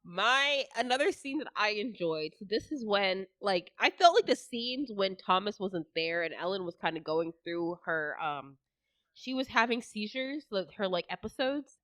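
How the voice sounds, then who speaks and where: A woman's voice: medium pitch, lively intonation, moderate pace, fairly bright tone, dry recording, studio quality. A woman co-hosting a podcast, chatting casually about a movie and acting out the characters' lines as she retells scenes. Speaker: podcast co-host. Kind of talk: casual movie review chat.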